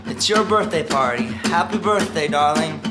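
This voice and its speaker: A man voicing a calm, tender male stranger on a falling plane, gentle and reassuring, over guitar. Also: on the high side, moderate pace, roomy sound, close to an everyday voice. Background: guitar playing.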